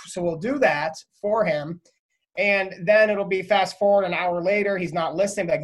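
Animated storytelling man, slightly high. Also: a little fast. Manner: animated storytelling, acts out his son. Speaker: podcast guest. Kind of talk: casual interview chat.

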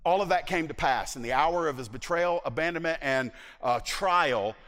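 Bright-voiced male pastor in a hall. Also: on the high side, normal speed. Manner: dramatic storytelling, acting out the voices in the Bible story. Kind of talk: sermon.

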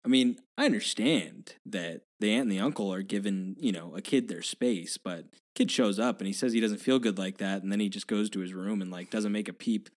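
A man's voice: on the low side, fairly quick, hardly any pauses. Chatty man discussing a movie. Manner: chatty, laughs often, quotes lines in put-on voices. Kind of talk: casual chat about a movie.

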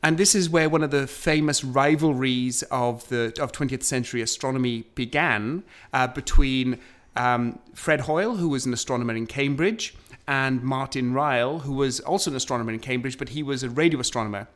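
A man's voice: medium pitch, fairly quick, a bit bright. Man telling astronomy history casually. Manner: storytelling, hesitant with ums and restarts. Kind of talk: conversational science storytelling.

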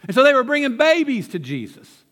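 A man's voice: very high-pitched, wildly swooping pitch, brisk, a bit bright, long reverb tail. An older man preaching a sermon, telling folksy, self-deprecating family stories from the pulpit in a church. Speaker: pastor. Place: church sanctuary.

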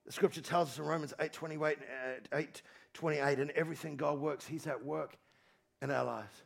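A man preaching in a church, his voice pitched high with a gravelly, creaky edge. He repeats key phrases and swings from hushed lines to loud calls. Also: steady tone, moderate pace. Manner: emphatic preaching, repeats phrases, rises to shouts and drops low. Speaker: pastor. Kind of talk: sermon. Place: church hall with congregation.

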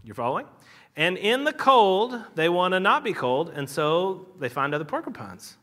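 A man's voice: sits high, big pitch swings, normal speed, bright, forceful tone. A man preaching a conversational sermon, explaining ideas with casual asides and building emphasis. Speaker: pastor.

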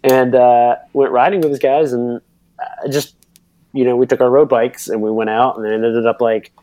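A man's voice: medium pitch, fairly even intonation, normal speed, warm tone, no echo, poor audio. Man telling a rambling racing story. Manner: rambling, many fillers, acts out others' voices. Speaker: interview guest, bike racer and mechanic. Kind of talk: casual storytelling.

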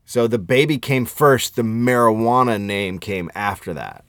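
A man's voice: on the low side, a little slow, fairly bright tone, dry recording, clean studio sound. A man co-hosting a comedy podcast, blunt and profane, with a mock-exasperated manner. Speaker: podcast co-host. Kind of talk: comedic casual chat.

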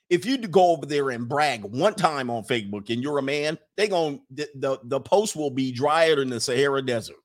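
A man livestreaming a casual, sarcastic rant, swearing, laughing often and mocking others in a high voice. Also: lively intonation, normal speed, few pauses. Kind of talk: casual ranting monologue.

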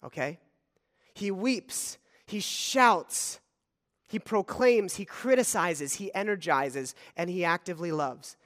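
A man preaching a sermon, swinging between loud, emphatic scripture reading and quiet, low asides. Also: slow pace. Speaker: pastor. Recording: long hall reverb.

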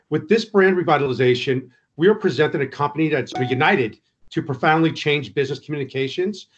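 A man's voice: medium pitch, slightly rough. A man guesting on a podcast, answering business questions earnestly with corporate phrasing and fillers, heard over dull lo-fi remote audio.

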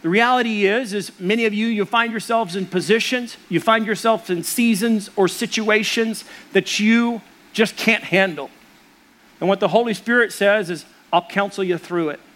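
A man's voice: sits high, normal speed, a bit bright. A middle-aged man preaching a sermon as a pastor, earnest and conversational.

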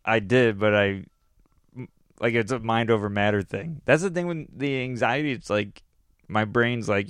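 Man, lower register, rambling storyteller, casual podcast chat, dry sound. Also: normal speed, fairly bright tone, clean tone, no room sound. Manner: rambling, self-interrupting, laughs often.

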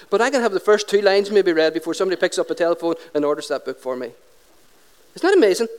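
A man's voice: high-pitched, clear, resonant tone. A middle-aged man, preaching a humorous, conversational sermon and asking the congregation questions.

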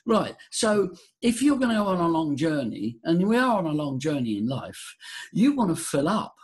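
A man on a podcast, guiding listeners through breathing as a voice coach. He talks in a theatrical, animated way with a somewhat high voice. His pitch swoops widely for emphasis. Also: normal speed. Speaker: voice coach guest.

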